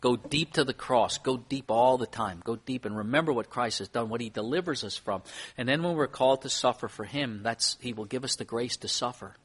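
A man's voice: mid-range voice, brisk, breathy edge. A man preaching a sermon as pastor, earnest, with emphasis that rises and falls. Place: church.

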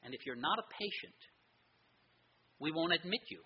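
A man's voice: fairly high pitch, expressive, normal speed, slightly rough, highs cut off. A man preaching a sermon as pastor, earnest, telling quoted stories.

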